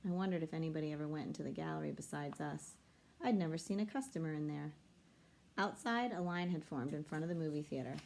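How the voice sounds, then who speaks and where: A woman reading a children's novel aloud in a steady storytelling manner. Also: deep voice, quick pace. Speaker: reader.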